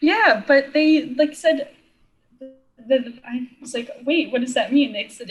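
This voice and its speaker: A young woman with a slightly high voice chats as a podcast guest. She teases in a deadpan way and laughs often. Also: a little slow, rough recording. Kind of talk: casual chat.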